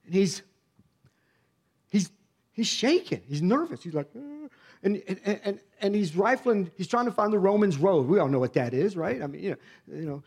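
At a moderate pace, a middle-aged pastor preaches his own testimony in a high-pitched voice with big pitch swings. The delivery is conversational storytelling that falls to a hush, then surges into emphatic bursts.

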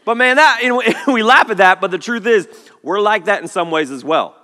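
Animated man preaching in echoing hall. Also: high voice, fairly quick. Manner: animated storytelling with acted-out quotes. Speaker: pastor. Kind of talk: sermon. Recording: long hall reverb.

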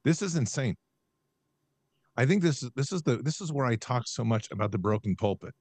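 A man's voice: medium pitch, expressive, brisk, a little mellow, no room sound. A man hosting a podcast, talking in an impassioned, emphatic rant and reading scripture aloud. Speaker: host.

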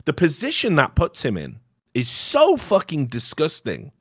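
A man's voice: on the high side, huge pitch swings, measured pace, a bit bright, husky, no room sound, studio quality. A man on a podcast in casual, opinionated chat, ranting bluntly and swearing freely. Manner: blunt and profane, heated ranting. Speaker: podcast host.

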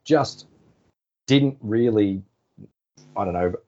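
A very low-voiced Australian man in his forties tells anecdotes in an easygoing, chatty way. His tone is dark and mellow, and he acts out the phone calls he quotes. The podcast audio sounds slightly dull. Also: takes it slowly. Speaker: podcast guest, former sports journalist. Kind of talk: casual storytelling interview.

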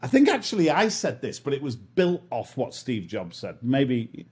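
A man's voice: medium pitch, huge pitch swings, normal speed, darkish tone, husky. Reflective man in his fifties. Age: 50s. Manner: musing, self-deprecating, with restarts. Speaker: guest. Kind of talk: reflective interview conversation.

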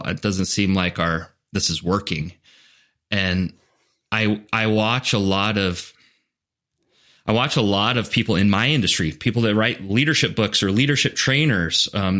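Fairly low in pitch yet fairly bright in tone, this leadership coach talks as a podcast interview guest. His delivery is earnest and animated, with many restarts and lots of "like."

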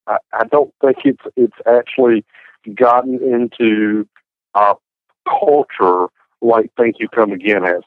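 A man's voice: medium pitch, no room sound. A man on a casual panel, talking hesitantly with many stammered restarts. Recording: tinny phone-like sound.

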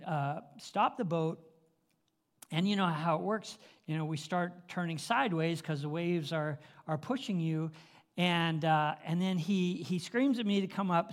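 High-voiced man telling a sermon story. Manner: animated storyteller, restarts, chuckles. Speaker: preacher.

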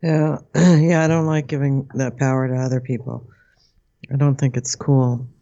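Mellow man on a dull, lo-fi mic. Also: mid-range voice, little pitch movement, moderate pace. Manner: short questions and quips, laughs along. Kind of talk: casual chat.

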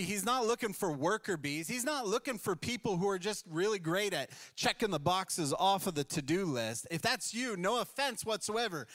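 A man's voice: on the high side, fairly bright tone. A male pastor preaching a sermon in a conversational storytelling way, acting out quoted voices along the way. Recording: long hall reverb.

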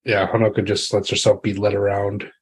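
A man's voice: fairly low pitch, level tone, a little fast, husky. A man at a tabletop game describing his character with many fillers. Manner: rambling, filler-laden descriptions.

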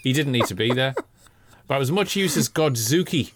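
A man's voice: medium pitch, expressive, brisk, no echo, studio quality. A man co-hosting a podcast, chatting in an enthusiastic, sweary way. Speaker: podcast co-host. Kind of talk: casual chat.

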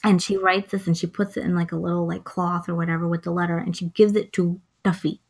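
A co-host recaps a film in casual chat, speaking fast in a fairly low, breathy voice. She tells the plot with animated flair, acting out lines and humming songs.

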